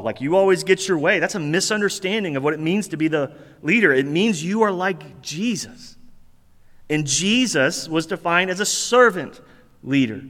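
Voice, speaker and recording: Earnest pastor preaching in a reverberant hall. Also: male voice, a little high, sharp tone. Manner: conversational, earnest, self-deprecating preaching. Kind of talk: sermon.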